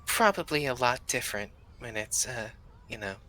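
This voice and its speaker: A man narrating actions in a tabletop game, speaking in a relaxed, hesitant way. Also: medium pitch, normal speed, rough recording.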